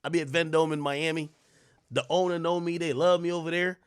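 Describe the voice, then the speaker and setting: A man in his thirties, a streamer host, telling a story in casual, profane street slang, jumping from loud bursts to muttered asides. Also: fairly high pitch, steady tone, brisk, clean tone, dry recording.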